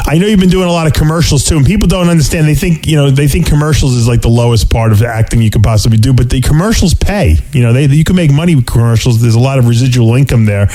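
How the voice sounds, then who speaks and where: A man's voice: medium pitch, fast, hardly any pauses, warm tone. A man hosting a radio interview, affirming his guest and asking short questions. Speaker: radio show host.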